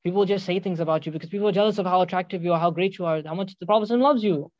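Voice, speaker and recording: Older mom calming her daughter, soothing, quick, read by a man. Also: sits high, no echo, highs cut off, lightly acted.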